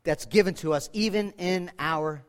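A man preaching a sermon as pastor, emphatic, swinging between loud declarations and soft, hushed passages as he quotes scripture. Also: high-pitched, normal speed, clean tone. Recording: long reverb of a large hall.

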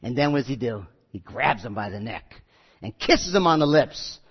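A man preaching a sermon, telling stories with quoted voices and lively asides. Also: medium pitch, normal speed, husky. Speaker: pastor. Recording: muffled audio with long hall reverb.

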